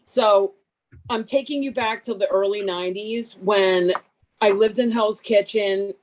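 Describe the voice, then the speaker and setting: A woman in her fifties telling a comic story over a video call, brash, animated and self-mocking. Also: medium pitch, measured pace. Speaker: workshop participant.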